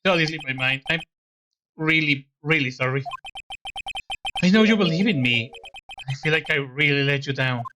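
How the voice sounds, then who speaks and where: A woman doing an apologetic young lawyer, lower-pitched. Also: normal speed, pauses often, natural voice. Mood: remorseful. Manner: apologetic, hesitant. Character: young earnest male defense attorney. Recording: game music behind.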